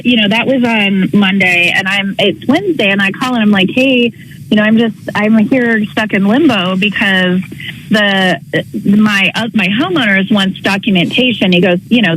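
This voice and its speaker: A woman calling into a radio show, telling her story in a rambling, halting way full of fillers. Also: mid-range voice, a bit bright, slight background noise, low-quality recording. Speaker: caller. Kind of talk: phone-in call to a radio show.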